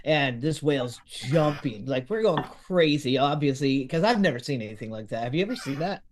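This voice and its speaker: A man telling a story in lively podcast chat, acting out what others said. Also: medium pitch, normal speed, slight background noise. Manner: lively, acts out quotes of others.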